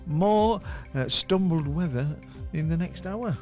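Man doing the radio weather, kinda high voice, keeps tripping on words, faint music behind. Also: lively intonation, slow pace. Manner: hesitant, apologetic, stumbles over words. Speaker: weather presenter.

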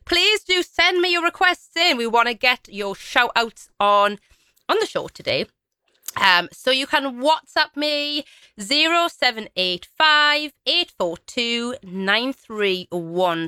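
A woman's voice: a little high, lively intonation, measured pace, pushed and bright, clean tone, no echo. A woman presenting a radio show, bubbly and a little out of breath, laughing at her own slips. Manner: bubbly, laughing, self-correcting. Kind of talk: chatty radio show link. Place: radio studio. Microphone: studio mic.

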